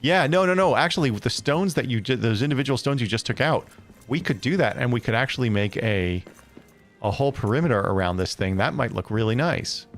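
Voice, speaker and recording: A man's voice: mid-range voice, animated, brisk, faint music behind. A man live-streaming a building game, chatting casually and thinking aloud with many hesitant self-corrections.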